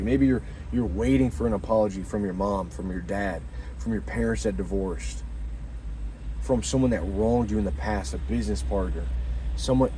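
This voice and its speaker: Earnest young man preaching, mellow voice. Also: on the low side, slight background noise, poor audio. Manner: earnest, preachy, rambling with many restarts. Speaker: vlogger giving life advice. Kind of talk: casual motivational monologue.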